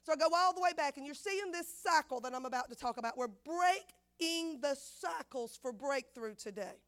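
A woman preaching a sermon, repeating phrases and acting out the voices in her story, swinging from loud to hushed. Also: high-pitched, expressive, moderate pace. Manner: dramatic swings of loudness, acts out quotes, repeats phrases.

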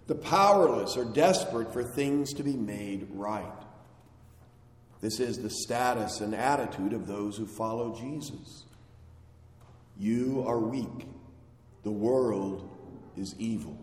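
Man preaching real slow and deliberate, big echo hall, long reverb tail. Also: medium pitch, a little mellow. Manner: slow, deliberate preaching with emphatic rises and falls. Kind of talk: sermon.

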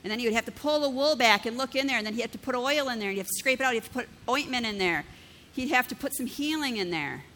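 A woman's voice: fairly high pitch, lively intonation, fast, pushed and bright, long reverb tail, slight background noise. A woman pastor preaching a conversational sermon, often checking in with "right?" and using vivid everyday examples. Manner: conversational, keeps asking "right?".

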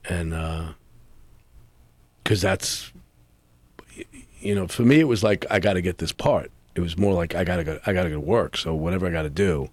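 Male actor guest, very low voice, dry close mic, chatty rambling storyteller. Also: moderate pace, pauses often, dry recording. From New York. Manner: rambling, animated anecdotes with many restarts. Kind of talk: casual interview storytelling.

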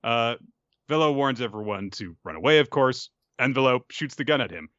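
A man's voice: mid-range voice, animated, a little fast, fairly bright tone, dry recording, muffled recording. A man animatedly recapping a show in casual chat, laughing often.

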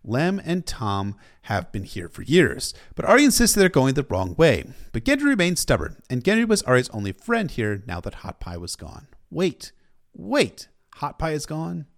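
A man's voice: medium pitch, wildly swooping pitch, moderate pace, few pauses. A man retelling a novel in a casual storytelling style, sometimes stopping for emotional asides. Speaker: book recap narrator.

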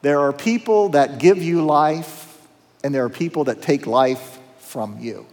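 Pastor preaching in a reverberant hall. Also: male voice, on the high side, measured pace, a little mellow. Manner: conversational, humorous, dramatic quoting. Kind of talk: sermon.

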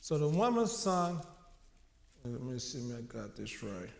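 A man's voice: medium pitch, big pitch swings, unhurried, gravelly. Emotional preaching man in an echoey church. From New Orleans. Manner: emotional, conversational preaching with dramatic quotes. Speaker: minister. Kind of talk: sermon.

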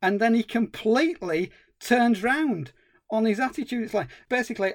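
A man's voice: sits high, lively intonation, normal speed, no room sound. A man co-hosting a film podcast, ranting in exasperated, sweary casual chat. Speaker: podcast co-host.

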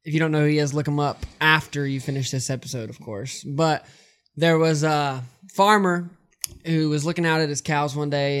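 A man telling a long farm joke on a podcast, in a relaxed, unhurried storytelling manner. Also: on the high side, clear, resonant tone. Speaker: podcast co-host.

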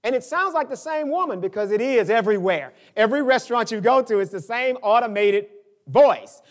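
Older pastor, high voice, very animated sermon delivery with dramatic swings. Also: male voice, fairly quick. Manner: animated preaching, swinging from low asides to high emphatic peaks.

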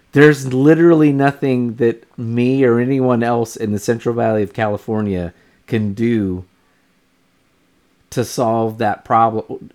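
Calm reflective podcast co-host man. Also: medium pitch. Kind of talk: casual podcast chat.

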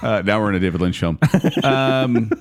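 A man co-hosting a podcast, joking and quickly arguing his way through hypotheticals in casual chat. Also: lowish voice. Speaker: podcast co-host.

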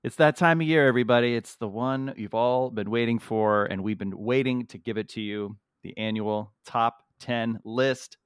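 A man of ordinary pitch co-hosts a podcast from home, rambling and cracking jokes with plenty of restarts. His voice sounds dry and close, with no room around it, as if recorded over a remote call. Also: moderate pace, few pauses, clear, resonant tone, dry recording. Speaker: podcast co-host. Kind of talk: casual chat.

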